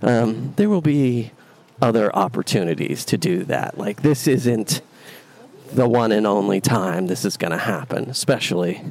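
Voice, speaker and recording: Speaking at a measured pace, a man with a fairly low, slightly mellow voice talks expressively about his walk to work. His casual monologue meanders with many fillers and restarts, recorded on a phone with faint street ambience.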